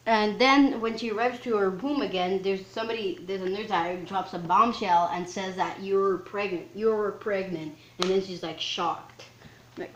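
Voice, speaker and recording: A woman recapping a film scene by scene in casual chat, rambling and excitable and leaning on "like" and "um". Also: medium pitch, a little hiss or hum. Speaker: film reviewer. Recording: roomy echo.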